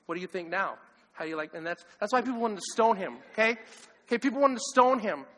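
A man preaching a sermon as pastor, animated and acting out the voices of others. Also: high-pitched, quick pace. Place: church hall. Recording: long hall reverb.

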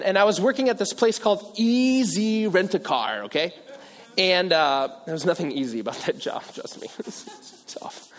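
A man from Virginia preaching a sermon as pastor, animated and self-deprecating, with asides and restarts. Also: a little high. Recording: long hall reverb.

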